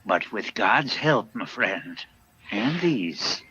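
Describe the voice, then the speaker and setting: A man's voice: fairly low pitch, big pitch swings, slow pace, bright, forceful tone, breathy edge, heavily acted. An actor playing a smug, self-righteous male plantation owner who prays aloud in a dubbed film. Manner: self-satisfied, preaching prayer. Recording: dull lo-fi film audio with noise.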